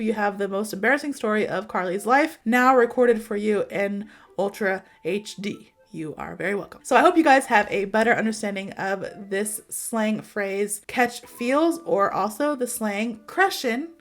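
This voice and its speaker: A young American woman, an English teacher, telling a story in a lively, dramatic, slangy way. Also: medium pitch. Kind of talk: storytelling lesson to camera.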